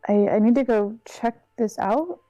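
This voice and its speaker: A man voicing a nervous adventurer who has heard a voice, loud and raised in pitch. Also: unhurried, dry recording, lo-fi sound. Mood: uneasy.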